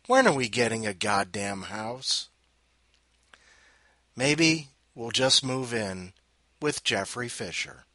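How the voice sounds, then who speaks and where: A man hosts a podcast in a blunt, sardonic, profane way, sounding sick and worn out. His bright voice swings widely in pitch while he talks slowly. The sound is close and dry. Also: expressive, no room sound. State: sick and tired. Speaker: podcast host. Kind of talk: casual monologue.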